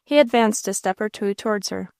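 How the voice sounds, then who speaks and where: A woman reading a classic novel aloud in steady storybook narration. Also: mid-range voice, fairly quick, gravelly, clear, resonant tone, no echo, studio quality. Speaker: audiobook narrator. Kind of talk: scripted narration.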